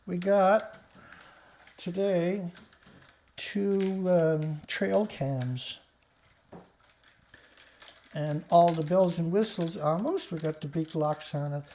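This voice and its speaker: A man's voice: sits high, extremely slow, pauses often, a little mellow. A man from Canada hosting a live-stream news show, talking casually in a sarcastic, rambling way and scoffing at headlines.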